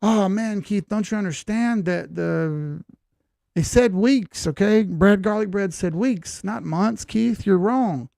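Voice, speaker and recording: A man's voice: high voice, takes it slowly, vocal fry, a little mellow, no echo, studio quality, pitched above the performer's own voice, full character voice. A man mimicking a whiny, know-it-all male viewer who lectures him in an exasperated tone. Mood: mocking whine.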